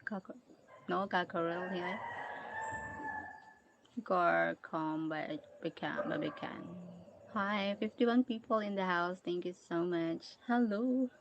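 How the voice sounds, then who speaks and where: A woman with a Filipino accent, hosting a casual live stream and greeting her viewers. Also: fairly low pitch. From Philippines. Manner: slow, greeting viewers, occasional soft singing. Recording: lo-fi with loud background noise, dogs and roosters. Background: dogs barking, roosters.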